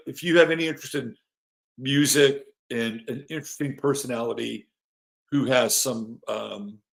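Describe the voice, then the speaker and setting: A man's voice: medium pitch, gravelly. A middle-aged man hosting an astrology livestream, chatting casually and reading out greetings from the chat, loose and swearing now and then.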